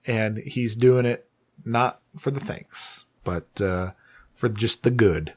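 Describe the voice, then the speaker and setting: A man co-hosting a podcast in casual chat, making dry, deadpan jokes. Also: lowish voice, slow pace. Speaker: podcast co-host.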